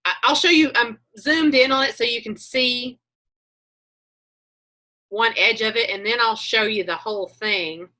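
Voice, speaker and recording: A woman's voice: fairly high pitch, measured pace, pauses often, bright, forceful tone. A woman, talking on a video call, telling chatty stories and acting out her own thoughts as she coaches a group.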